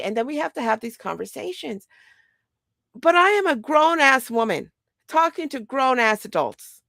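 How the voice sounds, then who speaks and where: A middle-aged woman talks straight to the point in a blunt casual monologue. Her mid-pitched voice has a gravelly edge. The sound is close and dry with no room echo. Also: moderate pace. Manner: blunt, animated, quotes others in acted voices. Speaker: mother and podcast host.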